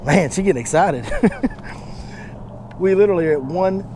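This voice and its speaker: A man, a fishing guide giving excited commentary from a boat and chatting to his dog in baby talk. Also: high voice, moderate pace, background noise. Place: on a boat on a lake, outdoors.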